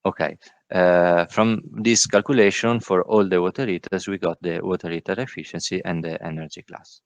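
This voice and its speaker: Halting, low-voiced man presenting slides. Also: fairly even intonation, no echo. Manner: halting, many filler sounds. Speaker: workshop presenter. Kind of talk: technical presentation. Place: virtual workshop call.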